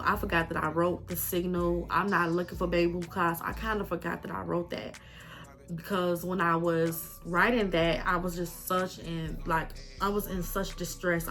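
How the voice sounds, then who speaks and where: A woman's voice: fairly low pitch, creaky, sharp tone. A young woman vlogger sharing a heartfelt personal testimony, tearful with a crackling voice, often calling her viewers y'all. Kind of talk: emotional personal testimony vlog.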